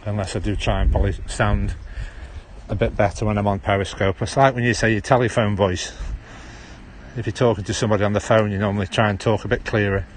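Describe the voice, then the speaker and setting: Man, Stoke-on-Trent accent, low-ish voice, loose rambling walk-and-talk livestream, phone mic outdoors. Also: steady tone, quick pace, a little hiss or hum. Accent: Stoke-on-Trent (Potteries). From Stoke-on-Trent, England. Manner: rambling, chatty, drops H's. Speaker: livestream host. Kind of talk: casual walking livestream. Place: outdoor town park. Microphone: handheld phone.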